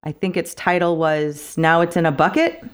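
A woman's voice: lowish voice, steady tone, normal speed, slight background noise. A middle-aged woman hosting her podcast, talking in an upbeat, chatty way and laughing easily. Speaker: podcast host and organizing coach. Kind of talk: casual podcast chat.

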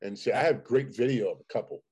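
A man with a husky, somewhat rough voice throws in loud, swearing remarks during a casual chat. His pitch sits in the ordinary middle range. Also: quick pace.

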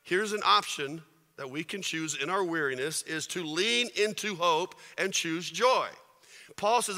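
Man, pastor, conversational sermon, rhetorical questions, very bright tone, long church reverb. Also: high voice, moderate pace. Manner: conversational, rhetorical questions, rises to forceful preaching. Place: church sanctuary. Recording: reverberant hall.

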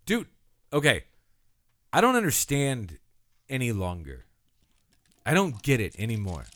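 Man co-host, lively pitch swings, jokey and excitable, dry sound. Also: unhurried, dry recording. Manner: animated, laughs a lot, swears. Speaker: podcast co-host. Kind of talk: casual podcast chat.

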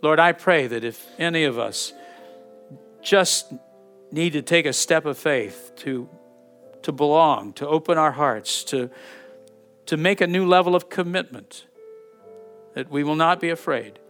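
A man's voice: fairly high pitch, a bit bright, faint music behind. Earnest male pastor preaching a sermon. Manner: earnest, fervent, slowing to read scripture aloud. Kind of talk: sermon with closing prayer and benediction.

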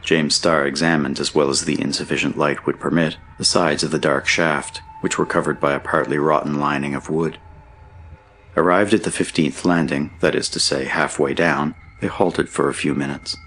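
A man narrating an audiobook in a steady, measured reading. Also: a bass voice, a little hiss or hum. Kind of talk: scripted narration.

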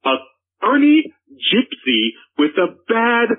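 Brief: a man putting on a slow, lively, husky male ghost-hunter, pompous and halting, over a tinny phone line. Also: extremely high pitch, full character voice. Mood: indignant. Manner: hesitant, self-important, slow. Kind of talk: comedy prank call sketch.

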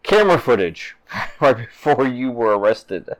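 Relaxed man narrating as game master. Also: medium pitch, measured pace, rough recording. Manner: laughs often, relaxed narration.

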